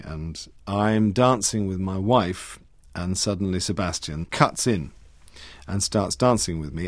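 A middle-aged British actor chatting as an interview guest, warm and rambling with frequent restarts. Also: male voice, deep voice, no room sound, clean studio sound. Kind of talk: interview chat.

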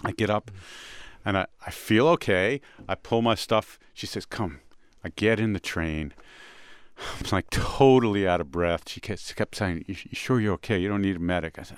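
A man hosting a radio show, telling an animated anecdote in casual chat with quick restarts. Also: sits low, clean tone, no echo, clean studio sound.

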